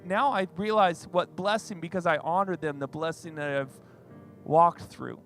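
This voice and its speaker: A man's voice: high-pitched, normal speed, a bit bright, soft background music. A pastor in his forties preaching a sermon in a conversational, chatty way. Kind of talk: sermon with personal story.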